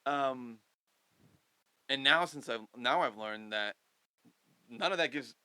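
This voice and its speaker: A young man from Missouri, a podcast guest, telling stories in animated, swearing casual chat. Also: medium pitch, slow pace, clear, resonant tone, no echo, low-quality recording. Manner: animated storyteller, swears freely.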